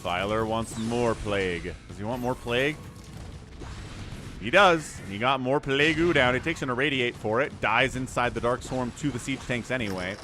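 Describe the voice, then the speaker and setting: A man hosting a live stream and giving chatty, excitable commentary on an esports match, thinking aloud as the play unfolds. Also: mid-range voice, normal speed, hardly any pauses, faint music behind. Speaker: game commentator and stream host.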